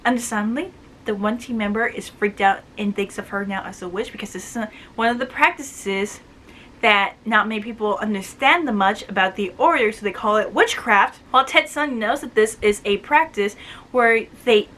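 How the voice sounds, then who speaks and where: A woman giving a casual, excitable spoiler review of a novella, gushing and peppering her talk with "like". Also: medium pitch, normal speed. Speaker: book reviewer.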